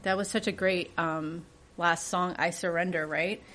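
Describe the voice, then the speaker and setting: A woman's voice: fairly low pitch, fairly even intonation, a little slow, pushed and bright. A woman leads a church Bible study in a conversational way. She puts questions to the group and reads scripture aloud with rising emphasis.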